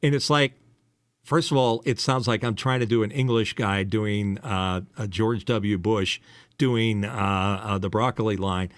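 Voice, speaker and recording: A man co-hosting a casual podcast chat, a commercial voice actor who talks in an animated way and drops in quick impressions. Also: on the low side, dry recording, clean studio sound. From United States.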